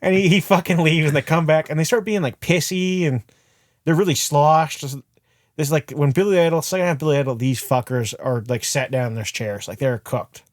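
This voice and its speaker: A young man with a slightly high voice tells a crude, swear-heavy story on a casual podcast. He is animated and jumps in and out of retelling what people said. The sound is close and dry. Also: a little fast, no echo. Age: young adult. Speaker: podcast co-host. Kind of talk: casual chat.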